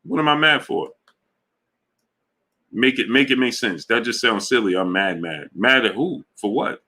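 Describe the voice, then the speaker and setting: A man hosts a boxing livestream and answers his chat in a loose, casual way. His voice is bright and forceful, and his delivery is animated and emphatic. He often repeats his points for weight. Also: mid-range voice, normal speed. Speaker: boxing show host.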